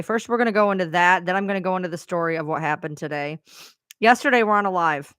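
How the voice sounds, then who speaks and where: A woman's voice: on the low side, fast talker, fairly bright tone, clean tone, dry recording, studio quality. A woman live streamer casually telling a rambling story to her viewers, chatty and swearing freely.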